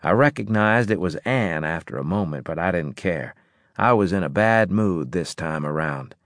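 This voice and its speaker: A man narrating a first-person audiobook chapter in a dry, measured way. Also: sits low, lively intonation, a bit bright, no echo.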